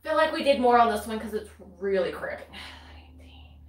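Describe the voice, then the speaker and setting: A Southern fitness vlogger from North Carolina chats casually while exercising, counting reps out loud and laughing and sighing between moves. She sounds slightly winded, her voice sits on the higher side, and the roomy audio comes from a distant mic.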